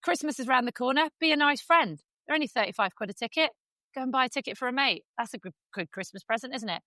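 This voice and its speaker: A woman co-hosting a podcast in casual chat, chatty and quick to laugh. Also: high-pitched, sharp tone, no room sound. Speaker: podcast co-host.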